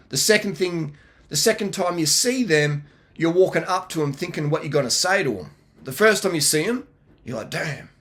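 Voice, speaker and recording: A man's voice: on the high side, fairly bright tone. A middle-aged man giving blunt, slangy dating advice in a casual monologue, with laughing asides. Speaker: video blogger answering viewer questions.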